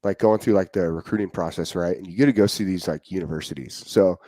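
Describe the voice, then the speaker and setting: A young man hosting a casual show, with a low voice and an easy storytelling manner. He sounds upbeat and relaxed. The sound is close and dry. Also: quick pace, dry recording. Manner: laid-back, storytelling, upbeat. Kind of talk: casual chat.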